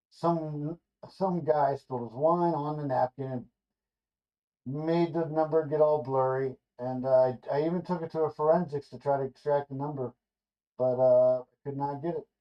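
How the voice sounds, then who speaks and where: A man voicing a woman reuniting with an old flame, rambling through halting excuses, in a dull lo-fi recording. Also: mid-range voice, fairly even intonation, lightly acted. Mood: flustered.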